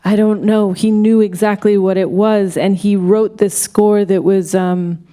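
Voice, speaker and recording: A woman director answering questions at a live panel Q&A, speaking in an excited, tumbling way full of restarts and self-corrections. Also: medium pitch, measured pace. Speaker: film director, guest at a Q&A. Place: stage at a film festival event.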